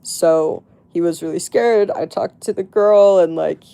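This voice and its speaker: A woman's voice: lowish voice, unhurried, gravelly, warm tone, clean tone. A woman livestreamer chatting to her viewers, telling a story in a casual way with lots of "like" and swearing. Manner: chatty, heavy on "like" and profanity.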